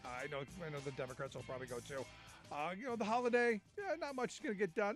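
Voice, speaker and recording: A man's voice: high-pitched, fast, no echo, faint music behind. Man, radio host, call-in show, sarcastic, rambling restarts, dry studio sound. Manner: sarcastic, conversational, with frequent restarts.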